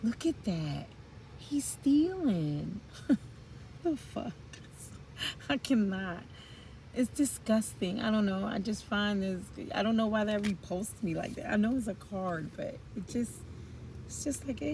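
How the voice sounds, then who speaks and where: A woman's voice: mid-range voice, normal speed, a little mellow, slight background noise, rough recording. A woman giving a casual tarot reading, chatty and blunt, with frank slang and the odd swear. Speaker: tarot reader.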